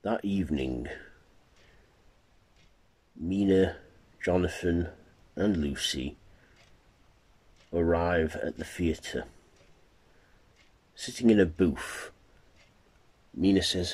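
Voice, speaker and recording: A man narrating an amateur horror fan story in a plain, halting way. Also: low voice, a little mellow, husky. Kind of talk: amateur fan-fiction reading.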